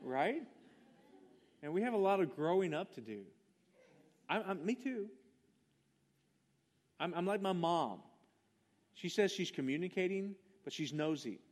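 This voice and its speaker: A man delivers a sermon in a high, light voice. He preaches with emphatic fervor, stressing each point. He pushes rhetorical questions at the congregation. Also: expressive, measured pace, pauses often. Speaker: pastor.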